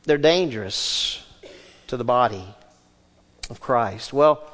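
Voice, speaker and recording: A man preaching a sermon as pastor, animated, swinging between loud emphasis and hushed asides. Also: medium pitch, slow pace, in a large hall.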